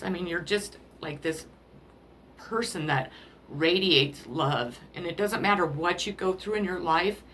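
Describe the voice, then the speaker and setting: Emotional low-voiced woman reading oracle cards. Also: a bit bright, a little hiss or hum. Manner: emotional, apologetic, rambling. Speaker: tarot card reader. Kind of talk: spiritual card reading.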